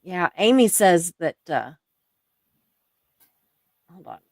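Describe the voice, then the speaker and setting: An accented woman hosts a casual live stream, reading out viewer comments with frequent laughter. Her voice sits a little low, and the sound is dry and close with no room around it. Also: big pitch swings, slow, vocal fry, no echo. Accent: non-native English accent. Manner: chatty, laughs often.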